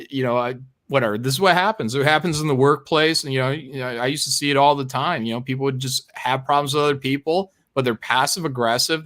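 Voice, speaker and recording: A man's voice: medium pitch, a bit bright. A man co-hosting a casual livestream chat, talking bluntly with lots of swearing and laughter. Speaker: co-host.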